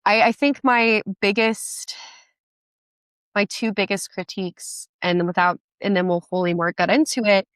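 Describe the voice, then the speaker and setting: A woman chatting as a podcast guest, enthusiastic and quick, with many restarts. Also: mid-range voice, fairly even intonation, fairly bright tone, no room sound. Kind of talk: casual podcast chat.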